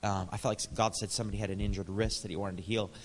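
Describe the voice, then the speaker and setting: A man's voice: fairly low pitch, level tone, racing, long reverb tail, slight background noise. An American man preaching a sermon, telling stories in a casual, conversational way with frequent chuckles. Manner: conversational, chuckles often, acts out dialogue. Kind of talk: storytelling sermon.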